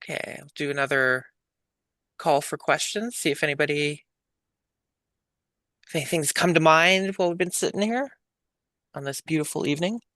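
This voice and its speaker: A man with a bright, fairly high voice moderates an online public meeting. He reads out attendees' questions in a friendly, upbeat way, and the recording is dry with no room sound. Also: moderate pace, pauses often, no room sound.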